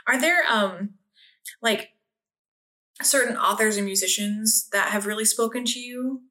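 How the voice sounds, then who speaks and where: Woman, interviewer, bright clear tone, encouraging, casual. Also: fairly high pitch, a little slow, poor audio. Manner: warm encouraging interviewer, frequent backchannel.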